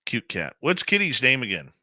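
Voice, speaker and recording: Forceful chatty male radio host. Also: medium pitch, huge pitch swings, normal speed, no room sound, clean studio sound. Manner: chatty, greets listeners and reads chat comments aloud. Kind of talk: casual live radio chat. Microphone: headset microphone.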